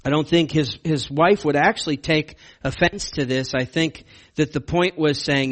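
A man giving a conversational Bible teaching, earnest and emphatic, slowing down on key words for stress. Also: fairly high pitch, a bit bright.

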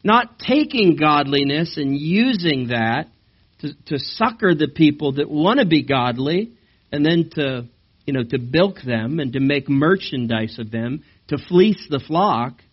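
A man preaching a sermon during a church service, animated and asking the congregation questions. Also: on the high side, a little slow, husky. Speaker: pastor. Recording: slightly dull recording.

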